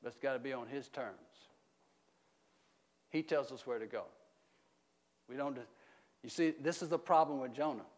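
A middle-aged man preaching a sermon as pastor, often asking the congregation questions and swinging between loud emphatic peaks and quiet low stretches. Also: moderate pace, pauses often. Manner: call-and-response preaching, asks the congregation questions.

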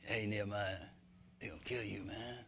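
A man voicing a scheming false prophet who coaxes in a hushed, feigned-caring voice. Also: lowish voice, fairly even intonation, moderate pace, husky, voice pushed down. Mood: coaxing. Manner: hushed, coaxing. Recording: dull lo-fi recording.

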